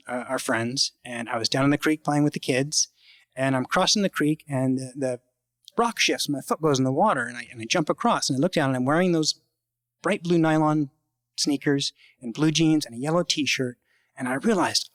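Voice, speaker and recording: A man telling a true story about his own life in a halting, conversational way, acting out the voices he quotes. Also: mid-range voice, dry recording. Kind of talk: live personal storytelling.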